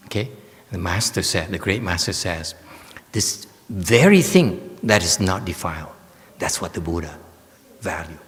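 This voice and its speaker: A man, a Buddhist monk giving a slow, joking dharma lecture with many fillers and teasing asides. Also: low voice, lively intonation, a bit bright. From United States. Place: temple lecture hall. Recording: long hall reverb.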